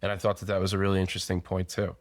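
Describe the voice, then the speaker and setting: A man's voice: low-pitched, completely flat delivery, rapid-fire. A man hosting a sales podcast, talking candidly and casually with the odd swear word and plenty of fillers. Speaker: podcast host.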